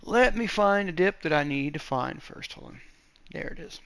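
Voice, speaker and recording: A man's voice: high-pitched, lively intonation, normal speed, creaky, a bit bright, a little hiss or hum. A man hosting a gaming channel, chatting casually and rambling, swearing and talking to himself while he hunts around his room at home.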